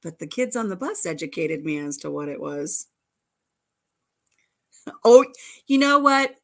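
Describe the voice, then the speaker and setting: Her pitch is fairly low, yet it swings widely, and she never hurries. The speaker is a middle-aged woman on a casual livestream, telling childhood stories chattily, with giggles and playful innuendo.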